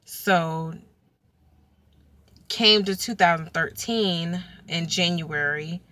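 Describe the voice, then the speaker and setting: A woman's voice: on the low side, very slow, slight background noise. Chatty young woman telling a story. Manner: chatty, animated retelling with many fillers. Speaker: vlogger telling a personal story. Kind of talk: casual storytelling.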